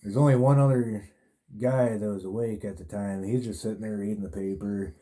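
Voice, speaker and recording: Man, podcast host, rambling storytelling, profane, laid-back, very dark timbre. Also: on the low side, fairly even intonation, fairly quick.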